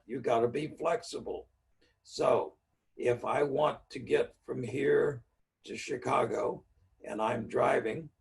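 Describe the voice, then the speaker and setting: A man's voice: mid-range voice, gravelly, a little mellow, far from the mic. A man giving a speaker-series talk on NLP, explaining in a plainspoken teaching manner with everyday examples.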